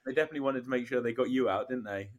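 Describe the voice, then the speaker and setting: A man's voice: medium pitch, rapid-fire, muffled recording. A man hosting a casual podcast chat, laughing easily and asking short questions.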